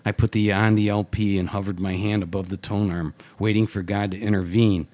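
A man, a writer, reading his own first-person short story aloud in a steady, matter-of-fact way. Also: on the low side, a little fast.

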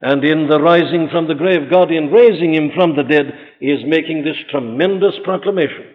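A man preaching with emphasis, with a fairly high voice for a man. He keeps posing rhetorical questions and answering them. The sound is dull and lo-fi, with a long reverb trailing behind each phrase. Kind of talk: sermon.

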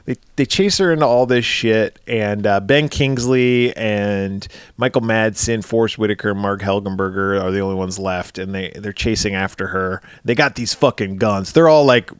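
A man's voice: lowish voice, normal speed, hardly any pauses, clear, resonant tone, no echo, studio quality. A man co-hosting a podcast, telling stories in casual chat and acting out the quotes. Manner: animated storytelling, acts out quotes. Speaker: podcast co-host.

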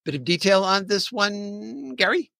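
Bright-voiced man leading a chat. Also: sits high, animated, a little slow, gravelly, dry recording. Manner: steers the talk along. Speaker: podcast host. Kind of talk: casual chat.

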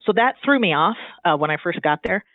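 A man from Southern California, a guest telling stories in a chatty, animated way with frequent restarts. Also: sits high, fairly quick, no room sound. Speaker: guest, divinity student. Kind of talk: casual conversation. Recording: thin phone-like dry line.

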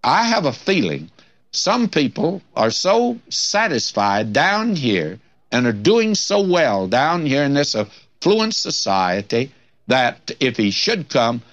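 Slow folksy older preacher, lo-fi. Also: male voice, mid-range voice, big pitch swings. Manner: folksy, earnest preaching with dramatic scripture readings. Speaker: Bible teacher. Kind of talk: radio Bible sermon. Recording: dull lo-fi radio recording.

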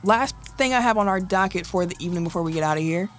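A man's voice: high-pitched, quick pace, a bit bright, soft background music. A man hosting a casual sports podcast, laid-back as he moves through the topics. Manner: laid-back, wraps up segments. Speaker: podcast host.

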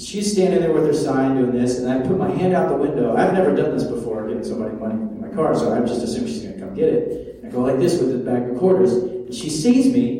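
A man telling a comic story to an audience, animated and acting out his own panic and the voices in his head. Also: mid-range voice, slight background noise. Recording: roomy hall, voice from far off.

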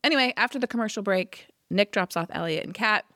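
A woman's voice: mid-range voice, expressive, fast, sharp tone, no echo, clean studio sound. A woman co-hosting a podcast, casually recapping a TV episode and acting out the characters' lines. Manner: chatty, acts out quoted lines. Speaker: podcast co-host.

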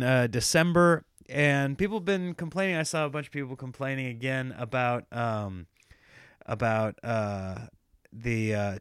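A man's voice: mid-range voice, no room sound, clean studio sound. A man hosting a solo podcast in a casual, rambling, self-mocking way, often laughing at himself. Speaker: podcast host.

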